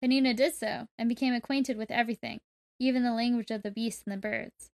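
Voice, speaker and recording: A woman's voice: fairly high pitch, fairly even intonation, quick pace. Playful woman reading a folk tale. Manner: playful, laughs often at her co-host. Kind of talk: storytelling read-aloud with joking asides.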